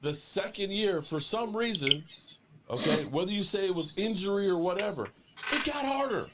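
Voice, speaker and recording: A man's voice: sits high, moderate pace, heavy background noise. A man in a casual sports debate, arguing with stats and talking over the others. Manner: animated, argues with stats, talks over others. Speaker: sports podcast panelist.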